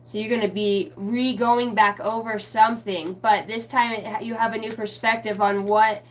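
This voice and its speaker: A woman's voice: on the high side, level tone, moderate pace. A woman giving a casual livestream spiritual reading. She rambles, trails off mid-thought and swears now and then. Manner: self-mocking aside, often trailing off mid-thought. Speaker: spiritual reader answering viewers live.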